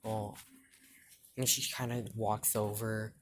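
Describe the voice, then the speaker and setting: A woman's voice: rumbling low, little pitch movement, takes it slowly, background noise. A woman telling a fan story in a casual, rambling way, full of fillers and restarts.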